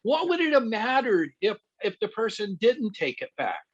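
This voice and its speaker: A man's voice: sits high, moderate pace, slightly rough. A middle-aged man, a guest pastor and counselor, teaching conversationally through personal stories and laughing at himself. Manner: animated storyteller who laughs at himself. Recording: dull lo-fi dry sound.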